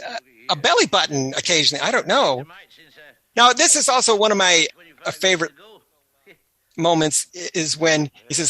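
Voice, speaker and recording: A chatty man talks through an old movie on a commentary track, swapping trivia and anecdotes in a casual, easygoing way. His voice sits a little high and sounds bright and forward. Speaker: film commentary host.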